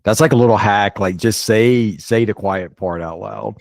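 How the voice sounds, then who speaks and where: Deep-voiced man, lively storyteller. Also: normal speed, gravelly, dry recording, studio quality. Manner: animated, restarts, rises sharply when quoting. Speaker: podcast co-host. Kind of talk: casual storytelling chat.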